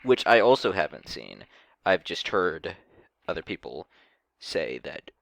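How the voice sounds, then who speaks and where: Male reaction host, low and gravelly, halting delivery, dry close mic. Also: sing-song, a bit bright, no room sound. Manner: hesitant, many ums and restarts. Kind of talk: casual reaction commentary.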